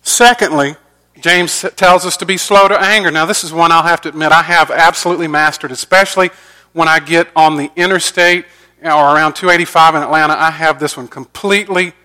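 Earnest and a little fast, a middle-aged man with a slightly high voice preaches a sermon as pastor. His intonation stays fairly even overall, though he moves from loud emphasis to quiet, soft lines.

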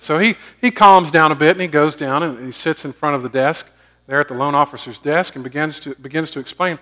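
A man preaching a sermon, telling stories and swinging from loud emphatic bursts to hushed low asides. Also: fast. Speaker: pastor.

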